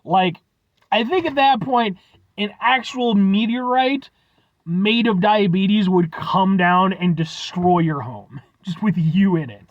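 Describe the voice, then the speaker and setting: A man's voice: high voice, takes it slowly, no room sound, muffled recording. A man reviewing snacks on his vlog, rambling and joking, swearing casually as he signs off. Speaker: food review vlogger.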